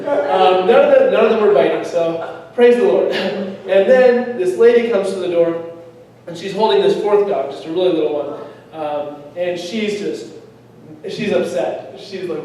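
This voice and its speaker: A man's voice: high voice, moderate pace, darkish tone. Young man telling a story in an echoey church. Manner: chatty storytelling, laughs often. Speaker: youth speaker. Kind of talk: church testimony talk. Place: church hall. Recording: echoey hall from far off.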